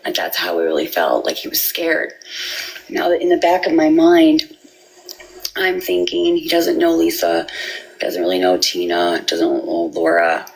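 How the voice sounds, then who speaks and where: A woman giving a halting, emotional personal account, often repeating words and restarting. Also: low voice, big pitch swings, vocal fry, low-quality recording. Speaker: parent telling her story.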